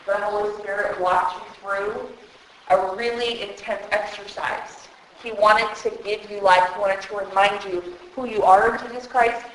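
A woman's voice: mid-range voice, steady tone, unhurried, fairly bright tone. A woman preaching at a women's conference, earnest and emotional, speaking straight to her audience through a microphone. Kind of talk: sermon. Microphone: handheld microphone. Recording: very echoey hall.

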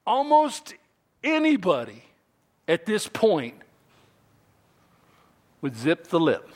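A man preaching a sermon in an animated, playful way, acting out quotes and little scenes to make his point. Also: sits high, takes it slowly.

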